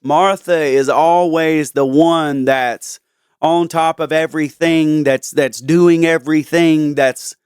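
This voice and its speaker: A man with a high voice speaks slowly and earnestly as he retells a Bible story on a podcast. He stumbles and restarts phrases as he goes. The sound is close and dry. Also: steady tone, a little mellow, clear, resonant tone, dry recording. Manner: earnest, halting, with frequent restarts. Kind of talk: casual Bible discussion.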